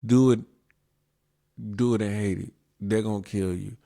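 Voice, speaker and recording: A man's voice: fairly low pitch, level tone, a little fast, creaky, warm tone, dry recording, clean studio sound. A man hosting his own show, giving casual commentary in an emphatic way, repeating his points and asking rhetorical questions. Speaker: show host.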